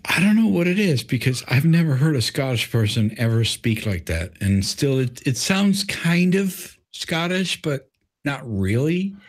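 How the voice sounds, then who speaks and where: A man co-hosting a casual live stream, blunt and teasing, quick to argue a point. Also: mid-range voice, sing-song. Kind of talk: casual chat.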